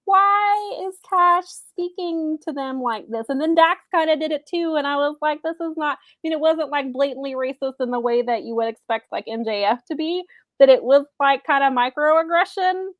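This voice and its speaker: A woman's voice: sits high, steady tone, brisk, no room sound, poor audio. A woman co-hosting a podcast, chatting casually and laughing often, with frequent restarts. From American South. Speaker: podcast co-host. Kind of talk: casual chat.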